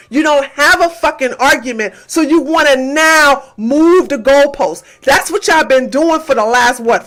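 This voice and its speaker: A woman's voice: high voice, a bit bright. A woman hosting a livestream, ranting at her chat in a combative, profane, taunting way and hammering the same questions over and over. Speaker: livestream host. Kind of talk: heated livestream rant to chat.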